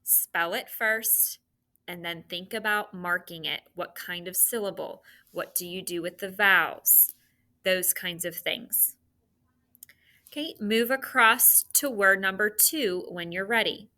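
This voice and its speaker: A female teacher dictates spelling sounds and words to her students, speaking slowly and enunciating clearly. Her pitch is medium and her tone sharp.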